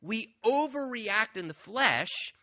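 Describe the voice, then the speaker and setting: A man's voice: high voice, animated, slow, pushed and bright, no echo, studio quality. A man preaching a sermon as pastor, conversational and earnest with joking asides.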